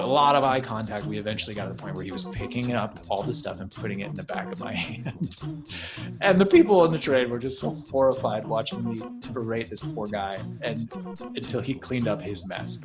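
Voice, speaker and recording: A young man, a puppeteer from New York State, chatting in an interview and telling long stories in a loose, rambling way full of "like"s. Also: medium pitch. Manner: rambling, animated storyteller with many "like"s. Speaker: puppeteer guest. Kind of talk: casual interview storytelling.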